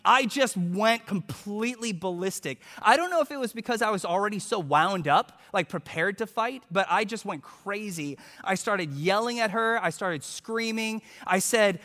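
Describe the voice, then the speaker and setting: A male preacher telling a story in a sermon, animated as he acts out quotes, then turning hushed and earnest. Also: high-pitched, normal speed, hardly any pauses, in a large hall.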